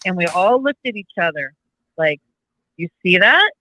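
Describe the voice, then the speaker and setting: A woman's voice: fairly low pitch, sing-song, normal speed, pushed and bright, no echo, low-quality recording. A woman co-hosting a podcast, telling a family story casually and restarting her sentences often. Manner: rambling, with frequent restarts and self-corrections. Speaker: podcast co-host.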